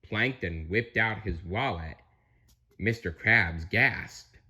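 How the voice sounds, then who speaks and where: A man's voice: on the low side, takes it slowly, sharp tone, slightly rough. A man reading a storybook aloud, dropping in chatty asides to the listener. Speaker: narrator.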